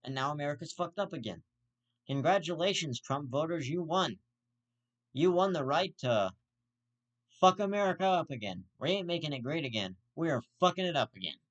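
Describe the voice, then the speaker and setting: A man's voice: a little high, lively intonation, moderate pace, a bit bright, lo-fi sound. Blunt, profane man ranting. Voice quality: blunt, profane and repetitive, circling back to the same insult. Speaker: show host.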